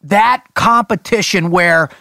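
Man, podcast host, animated storyteller, casual chat, dry close sound. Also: high-pitched, takes it slowly, no echo.

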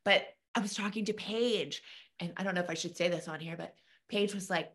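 A woman's voice: fairly low pitch, fairly quick, fairly bright tone. A middle-aged woman co-hosting a podcast, telling a rambling, emotional story in casual chat. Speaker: podcast co-host.

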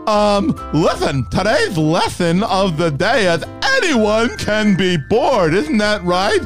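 A man putting on a high, manic Mad Hatter voice with drawn-out, sing-song lines. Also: sing-song, faint music behind, heavily acted.

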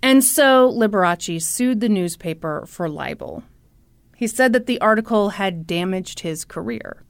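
A woman co-hosting a podcast, telling a story in casual chat with a playful, animated manner. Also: medium pitch, a little slow, gravelly, no echo. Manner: animated, playful, breaks into laughter. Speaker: podcast co-host.

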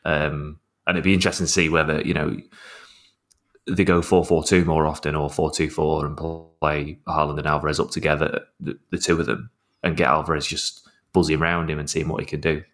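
A man with a very low voice talks through football tactics. He rambles and restarts often, filling gaps with ums. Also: little pitch movement, a little fast, a bit bright. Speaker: podcast guest, football journalist. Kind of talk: casual football chat.

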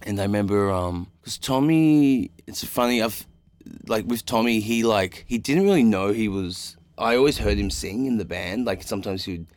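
An Australian man in his thirties, a musician guest telling stories in a relaxed, rambling way with lots of fillers. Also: lowish voice, normal speed, dry recording. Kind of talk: casual podcast chat.

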